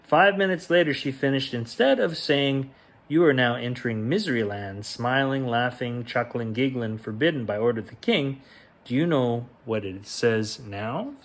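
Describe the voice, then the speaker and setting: A man reading a children's picture book aloud as a bedtime story, gentle and unhurried, giving the quoted lines their own ups and downs. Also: mid-range voice, expressive.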